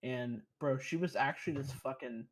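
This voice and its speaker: A man's voice: mid-range voice, normal speed. A young man, a podcast guest, telling rambling stories in casual, profane chat. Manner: profane, rambling, animated storyteller.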